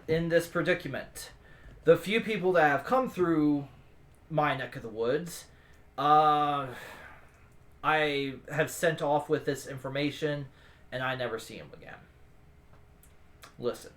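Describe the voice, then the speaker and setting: A man voicing a grumpy exiled dwarf hermit who talks in a gruff, weary, grudging way. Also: fairly high pitch, unhurried, long pauses, natural voice.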